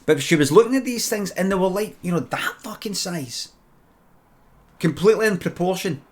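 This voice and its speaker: A man's voice: sits high, expressive, fast talker. A Scottish man improvising a comic story, rambling and swearing freely as he digresses. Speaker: streamer.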